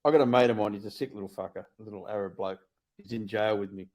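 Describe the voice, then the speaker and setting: A man's voice: lowish voice, steady tone, fast, darkish tone. A middle-aged Australian man talking bluntly and profanely in casual conversation. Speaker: former prisoner sharing his story.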